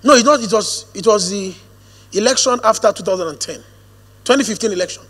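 A man preaching a sermon, shifting from hushed storytelling to a firm, drawn-out preaching cadence. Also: high-pitched. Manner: storytelling, drops to hushed quoted asides, then rises to a firm preaching cadence. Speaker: pastor. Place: church auditorium. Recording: long hall reverb.

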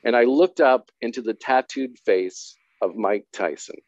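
A man's voice: mid-range voice, unhurried, dry recording. A man telling his recovery story in a candid interview, rambling and self-deprecating with wry humor. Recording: dull, dry lo-fi sound.

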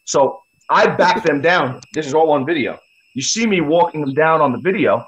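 A man's voice: a little high, lively intonation, normal speed, fairly bright tone. A man, a podcast guest, telling a story in a blunt, heavily profane, casual way. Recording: slightly dull lo-fi audio.

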